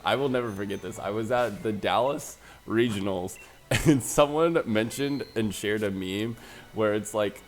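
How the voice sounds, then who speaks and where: A man's voice: on the low side, unhurried, soft background music. A man commentating his gameplay in a playful, joking way. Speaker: let's play host.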